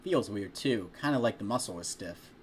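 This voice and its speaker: A man reading the lines of an easygoing young adult townsperson in his own mid-pitched voice. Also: animated, normal speed, slight background noise, natural voice.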